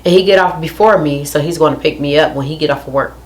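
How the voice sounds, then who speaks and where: Young woman, low-pitched, ranting to her viewers, keeps repeating her points. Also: fast, darkish tone. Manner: emphatic, repeats phrases, addresses viewers directly. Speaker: vlogger. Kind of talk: casual storytime rant.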